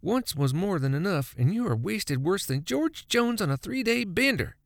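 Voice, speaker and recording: A bossy, sharp-tongued wife with a lifted, swooping voice, as a male storyteller puts her on. She snaps her words out in a brisk scold, with a dry, close sound. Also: sits high, sing-song, creaky, no room sound, pitched above the performer's own voice, heavily acted. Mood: chiding. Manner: chiding, bossy.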